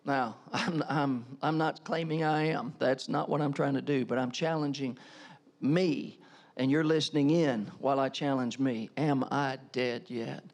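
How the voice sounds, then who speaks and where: A middle-aged man preaching a sermon as a pastor, emphatic and animated, full of rhetorical questions. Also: mid-range voice, unhurried.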